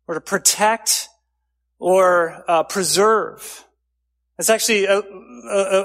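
A man preaching with a slightly higher voice than most, earnest and driving. He builds his phrases up loudly, then drops to a low, quiet close. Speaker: pastor. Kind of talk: sermon.

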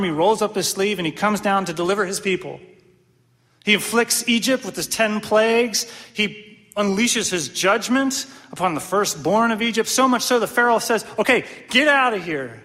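A man preaching a sermon, animated and questioning, often checking in with the congregation with "right?". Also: high-pitched, long reverb tail. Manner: animated, asks the audience questions, frequent "right?". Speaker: pastor.

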